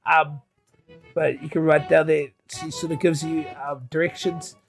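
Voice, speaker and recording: A man's voice: on the high side, level tone, a little slow, creaky. A man narrating a tabletop game as game master, playful and laughing often. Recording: dull lo-fi sound with faint music behind.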